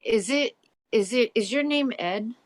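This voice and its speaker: A woman's voice: on the high side, dry recording. Young woman cutting in with questions. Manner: interjecting with quick questions. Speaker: podcast co-host. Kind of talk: casual podcast chat.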